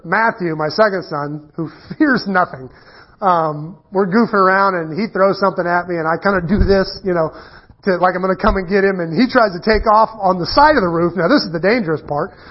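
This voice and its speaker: A man's voice: sits high, slightly rough. A middle-aged man preaching a conversational sermon, telling stories in a casual, self-deprecating way with frequent restarts. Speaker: pastor. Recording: dull muffled lo-fi recording.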